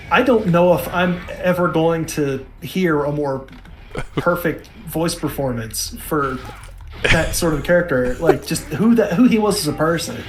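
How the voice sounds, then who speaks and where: A man in his thirties, a podcast co-host in casual chat, enthusiastic and rambling with many restarts. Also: fairly high pitch. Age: 30s.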